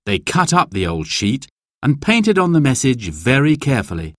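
A man narrating a children's storybook in a clear, expressive, deliberate way. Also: medium pitch, dry recording, studio quality.

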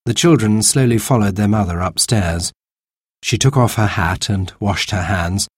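A man reading a children's story aloud, clear and expressive. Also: fairly low pitch, normal speed, no echo, clean studio sound. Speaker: narrator.

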